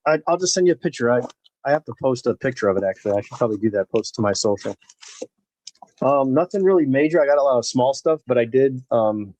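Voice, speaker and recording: A man hosts a live baseball card break, casually rambling and talking to viewers by name as he cracks packs. His voice is medium-pitched, darkish, gravelly and husky. The recording is rough, with no room sound.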